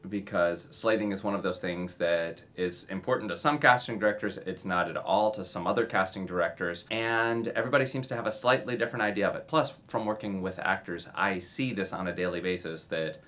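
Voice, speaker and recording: A man giving acting advice in a relaxed, conversational way, sometimes acting out sample introductions. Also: low voice, a little fast, hardly any pauses. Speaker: acting coach. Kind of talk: casual instructional talk to camera.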